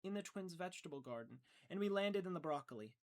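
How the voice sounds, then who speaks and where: A man reading an audiobook and voicing a small boy who talks eagerly and excitedly. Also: high-pitched, fast. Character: small boy, relieved and clinging.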